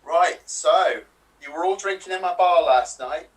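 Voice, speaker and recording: A woman's voice: lowish voice, a little slow, natural voice, poor audio. A woman playing a chatty, playful grandmotherly wolf who runs a bar, in an improvised comedy show. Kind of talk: improvised comedy role-play.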